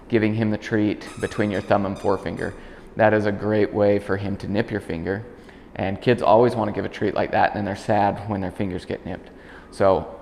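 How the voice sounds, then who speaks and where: A man working as a dog trainer, explaining commands in a calm instructional demonstration. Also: big-room sound, slight background noise. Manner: calm explaining, high-pitched praise to the dog.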